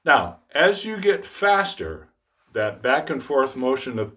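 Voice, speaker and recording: A middle-aged man teaching trombone tonguing in a relaxed, self-deprecating way, speaking out the articulation syllables as he explains them. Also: medium pitch, measured pace. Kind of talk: instructional demonstration.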